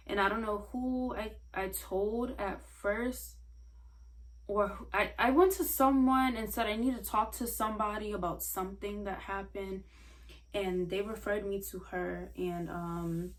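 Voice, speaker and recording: A young woman telling a personal story in a casual, halting way, full of "like" fillers. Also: on the low side. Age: young adult. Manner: halting, many "like" fillers, soft and earnest. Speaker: vlogger sharing a personal story. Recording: voice a bit far from the mic.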